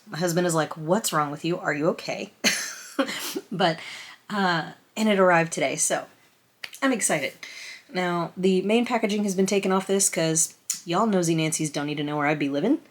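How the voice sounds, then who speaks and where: A woman with a slightly low-pitched voice talks to her viewers from behind a camera on a stand. She unboxes a tarot deck in a casual, chatty way, gushing and flustered, often restarting her sentences. She is openly emotional and near tears. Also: moderate pace. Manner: excited, flustered and rambling, with many restarts. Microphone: camera on a stand at a table.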